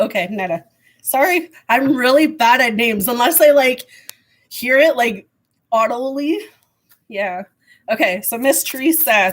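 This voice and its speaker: A tarot reader gives a live reading to viewers, rambling and hesitant with many fillers. Her expressive, somewhat high voice is unhurried but turning hoarse, with frequent throat clearing over slight background noise.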